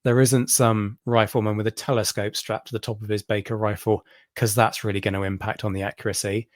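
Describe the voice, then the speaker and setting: Low-voiced man explaining military history. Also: level tone, brisk, no room sound, studio quality. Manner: explanatory, many ums and restarts. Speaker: history channel host. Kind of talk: livestream history talk.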